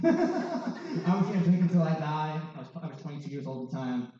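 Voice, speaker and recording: A man's voice: a little high, animated, a little fast, mellow. A young man in his twenties sharing a candid personal testimony with wry, self-mocking humor. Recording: distant, dull, very echoey hall.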